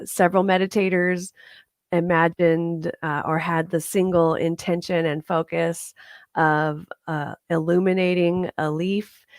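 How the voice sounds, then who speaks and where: A woman's voice: on the low side, no room sound, clean studio sound. A woman reverend giving a conversational sermon to her congregation, often chuckling and asking "right?".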